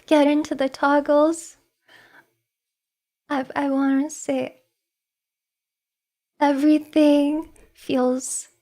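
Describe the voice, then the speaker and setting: A woman's voice: high-pitched, flat delivery, very slow, long pauses, warm tone. A woman VTuber chatting casually on a livestream, giggly, emotional and self-deprecating, nervous with shaking hands. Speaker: VTuber streamer.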